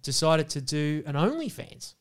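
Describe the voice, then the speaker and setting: A young Australian man co-hosting a podcast, loud, sweary and teasing in casual banter. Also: on the high side, very animated, moderate pace. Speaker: podcast co-host.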